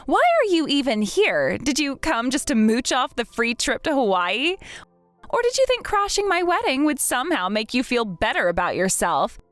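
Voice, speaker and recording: Woman as arrogant rich bride, sneering, high and lively voice, dry sound. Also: moderate pace, no room sound, soft background music. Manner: sneering, condescending. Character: snobbish spoiled young woman, arrogant bride. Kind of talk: text-message drama reading.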